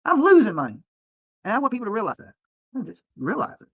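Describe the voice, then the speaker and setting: High-pitched and breathy, his pitch swooping wildly, a man talks briskly to viewers of his live stream from beside a road near a protest. His rant is profane, rambling and defensive, peppered with "okay?". The sound is lo-fi with no echo.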